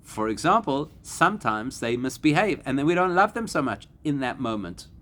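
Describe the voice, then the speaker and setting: A man, a rabbi, giving a Torah class to a live audience, animated and climbing to emphatic peaks. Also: mid-range voice, normal speed. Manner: animated, rising to emphatic peaks and acting out quoted voices.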